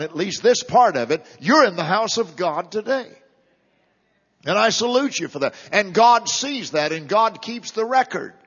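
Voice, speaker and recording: A man's voice: high-pitched, husky. An older male pastor preaching a sermon in a church with impassioned, rising and falling emphasis. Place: church sanctuary. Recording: dull, lo-fi, long hall reverb.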